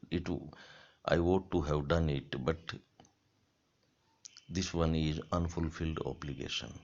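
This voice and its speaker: A man giving a grammar lecture, speaking deliberately and repeating each example sentence. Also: low voice, a little mellow. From India. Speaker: college lecturer. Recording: dull lo-fi lecture recording.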